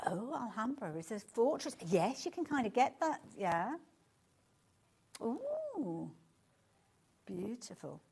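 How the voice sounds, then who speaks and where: A woman presenting a live shopping show, chatting warmly about the items and reacting to viewer comments with gushing enthusiasm. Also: on the high side, sing-song, normal speed, vocal fry, few pauses, husky.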